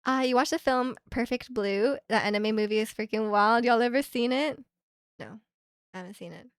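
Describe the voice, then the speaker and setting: A woman's voice: a little high, normal speed, smooth, dry recording. Chatty young woman streamer, dry sound. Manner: chatty, rambling retelling with fillers and laughs. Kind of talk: casual chat with stream chat.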